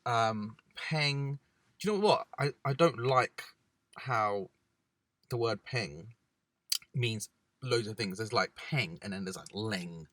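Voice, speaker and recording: A man's voice: on the low side, takes it slowly, fairly bright tone, no room sound. A young man co-hosting a casual chat, laid-back and chatty, sometimes slipping into slang voices. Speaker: podcast co-host. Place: parked car.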